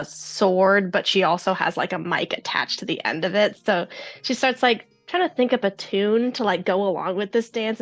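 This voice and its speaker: A woman's voice: medium pitch, fairly bright tone. A woman playing in a tabletop role-play game who describes her character's actions in a rambling, hesitant way full of fillers. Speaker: player.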